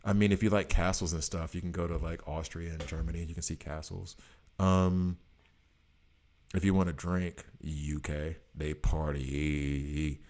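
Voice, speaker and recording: An American man in his late 30s chats loosely with live-stream viewers, rambling and slangy. He has a bass voice that stays level and a little mellow, at a measured pace.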